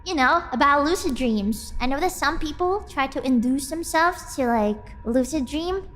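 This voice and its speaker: Casting: high-pitched woman, excitable stream chat, soft music bed. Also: normal speed. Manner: excitable, bursts into squealing and laughter. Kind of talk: casual chat with viewers. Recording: faint music in the background.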